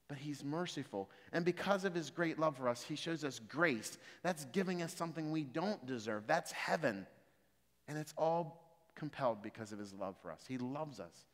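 A man preaching a sermon, moving from calm explanation of scripture to loud, emphatic exhortation. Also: mid-range voice, normal speed. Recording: reverberant hall.

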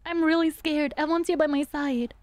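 A woman's voice: sits high, steady tone, normal speed, no room sound. A young woman streamer giving playful, bubbly live gameplay commentary and humming little sound effects. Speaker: VTuber streamer.

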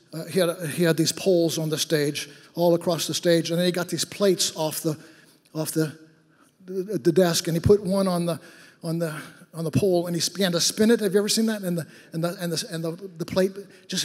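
A pastor with a high, darkish, breathy voice preaches a sermon in church, starting out like he's telling a story and then pressing his point with fervor. His conversational storytelling rises into fervent exhortation, heard through a long hall reverb.

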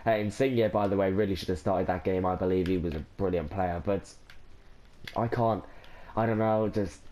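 Overjoyed Irish teen lad vlogging. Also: male voice, deep voice, steady tone, moderate pace, warm tone, slight background noise. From Ireland. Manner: overwhelmed, breathless, rambling with restarts and sighs. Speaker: gaming vlogger. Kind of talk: excited casual vlog to camera.

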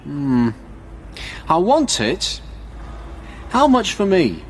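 A man's voice: high-pitched, wildly swooping pitch, extremely slow, slight background noise, pitched above the performer's own voice, full character voice. A man voicing Stewart, a stubborn, determined young man. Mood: plain.

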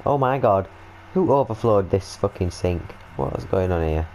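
A young British man commentating on his gameplay in a lowish voice, excitable and full of swearing and jokes. He jumps from mutters to yelps as the game goes wrong, with faint background noise behind him. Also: moderate pace, poor audio. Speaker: gaming video host. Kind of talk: let's-play commentary.

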